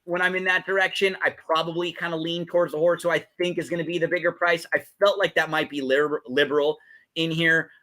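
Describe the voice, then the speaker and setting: A man's voice: on the high side, level tone, fast, bright, forceful tone. A man co-hosting a podcast, chatting casually about race and game picks with lots of fillers and restarts. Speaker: podcast co-host. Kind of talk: casual betting talk. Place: podcast setup.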